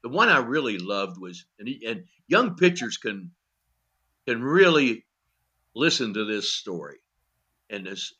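This guest is an older man who used to be a pitching coach, and his mid-range voice carries blunt, salty stories through a podcast interview. He performs the dialogue of each exchange with animation, tossing in "you know" constantly.

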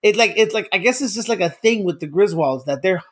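Excitable high-voiced man chatting. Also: brisk. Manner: excitable, laughs often, swears freely. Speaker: podcast co-host. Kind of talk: casual chat.

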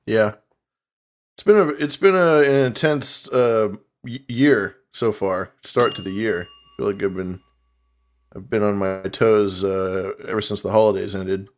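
A man's voice: lowish voice, measured pace, a little hiss or hum. A man co-hosting a podcast, chatting casually in an easygoing, rambling way. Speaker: podcast co-host. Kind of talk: casual chat.

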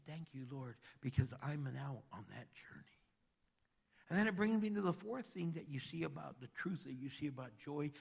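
A male pastor preaching a sermon, swinging from loud, rising exhortation to hushed, intimate asides. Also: high voice, gravelly, husky, in a large hall. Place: church sanctuary.

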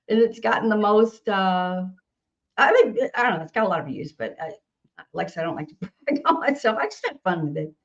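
On a muffled recording, a Southern-accented singer-songwriter from Nashville, Tennessee, talks casually in an interview. She speaks briskly and expressively in a mid-range voice, laughing a lot and often starting her sentences over.

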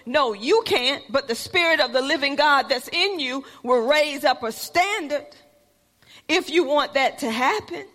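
A woman's voice: high voice, lively intonation, measured pace, bright, forceful tone, long reverb tail. A woman preacher giving a sermon in an earnest, plain-spoken, conversational way.

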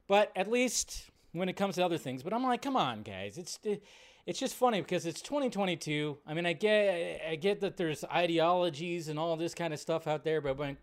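A man hosting a live show, chatting casually in a rambling way and swearing often during animated rants. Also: high-pitched. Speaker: host.

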